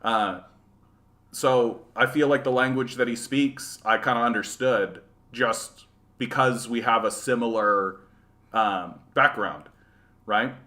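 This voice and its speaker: A man's voice: medium pitch, slow, sharp tone. A man from rural Manitoba hosting a casual livestream, rambling and sarcastic, often tagging his points with "right?". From rural Manitoba, Canada. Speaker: livestream host. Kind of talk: casual livestream chat reading viewer comments.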